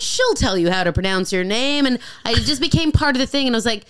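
A woman comedian chatting on a podcast, telling a story in an animated way, acting out what people said and swearing freely. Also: on the high side, fast, smooth. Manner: animated storyteller who acts out quoted voices. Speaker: guest comedian. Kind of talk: casual comedy podcast chat.

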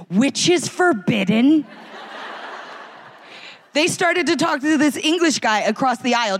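An American woman performing a live stand-up routine in a large concert hall, wry and animated. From United States. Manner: wry, animated, acts out characters in high voices. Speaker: stand-up comedian.

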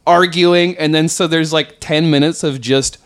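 A man, a comedian, telling a story in a relaxed, measured casual chat. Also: fairly high pitch, smooth. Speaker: comedian guest.

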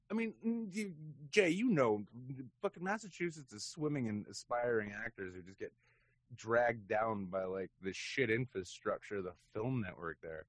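A man co-hosting a podcast in casual chat, ranting with animated, profane bursts that sometimes break into shouting. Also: fairly low pitch, normal speed, dry recording. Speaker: podcast co-host.

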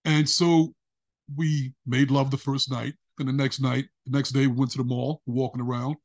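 A man's voice: mid-range voice, normal speed. A man guest on a podcast, telling a story with energy and acting out the voices of the people in it. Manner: animated, acts out voices in his story. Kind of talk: casual storytelling interview.

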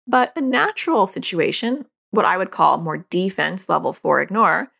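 A woman's voice: lowish voice, expressive, moderate pace, gravelly, fairly bright tone. A woman hosting a podcast, explaining in a casual conversational way and acting out dialogue in quoted voices. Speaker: podcast host; parent.

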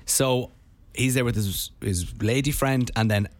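A man co-hosting a podcast in casual chat, telling a story in a rambling, animated way. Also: mid-range voice, measured pace, no echo. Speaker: podcast co-host.

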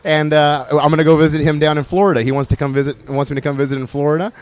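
A man co-hosting a podcast in casual chat, jokey and excitable, laughing often, at a wrestling fan event. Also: a little high, racing. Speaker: podcast co-host.

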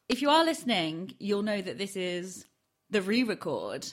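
A woman's voice: medium pitch, big pitch swings, unhurried. A woman from Yorkshire, England, co-hosting a casual true-crime podcast. She talks in a chatty, self-deprecating way and laughs often. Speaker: podcast co-host.

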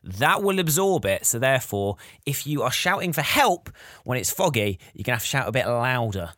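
A man's voice: mid-range voice, very animated, a little fast, a bit bright, no room sound, clean studio sound. A young man co-hosting a podcast, explaining things patiently and step by step in casual chat. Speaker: podcast co-host.

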